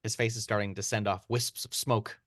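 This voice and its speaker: A man reading a screenplay's action lines aloud as narrator, in steady read-aloud narration. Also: lowish voice, brisk, no room sound, clean studio sound. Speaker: narrator of stage directions.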